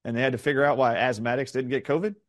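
This interview guest is a middle-aged Southern US man whose storytelling is emphatic and full of rapid-fire questions. His mid-range voice holds a steady tone, captured in clean studio quality without any room sound.

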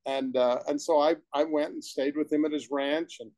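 An enthusiastic man rambles through his story as an interview guest, full of restarts and asides. His voice is fairly high and has a mellow tone. The sound is close and dry, with little room echo. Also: fairly even intonation, normal speed. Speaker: supplement company founder, guest. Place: his own room at home.

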